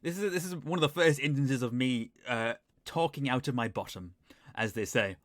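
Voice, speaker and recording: Northern English male host, casual rambling reaction commentary, self-mocking, crisp dry mic. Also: medium pitch, normal speed, no echo. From Northern England. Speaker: YouTuber reacting to his old video.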